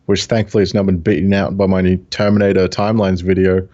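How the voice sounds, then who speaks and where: A man's voice: deep voice, quick pace. Laid-back male guest over dull lo-fi audio. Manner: relaxed, explanatory, with fillers. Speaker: guest, video creator. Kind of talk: casual chat.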